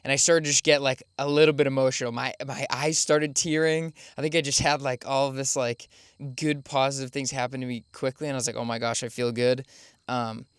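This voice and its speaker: A man's voice: medium pitch, little pitch movement, fairly quick, smooth, dry recording, clean studio sound. A young man telling a long race story in a casual, chatty way, full of fillers, with laughs at his own expense. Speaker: podcast host recounting his race.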